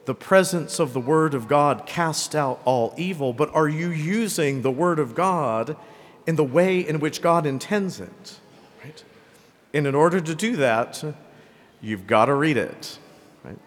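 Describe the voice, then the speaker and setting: A man with a fairly high, expressive voice preaches a sermon as a priest in a church, speaking at a measured pace and conversationally checking in with "right?" and "okay?". He's from Greenville, South Carolina, and the recording carries long church reverb.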